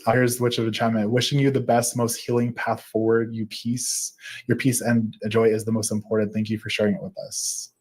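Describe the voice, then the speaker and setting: A man's voice: mid-range voice, completely flat delivery, a little fast, husky. Man, 30s, live-stream host reading chat aloud, chatty, laughs a lot, fillers between comments. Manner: warm, laughs often, reads with fillers.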